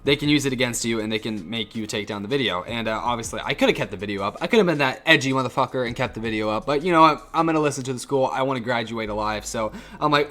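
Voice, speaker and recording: A man's voice: mid-range voice, fast talker, hardly any pauses, a bit bright. A teenage boy telling a casual, rambling storytime vlog, with lots of swearing and frequent restarts. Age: teens. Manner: rambling, profane, restarts often. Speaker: YouTuber and high school student.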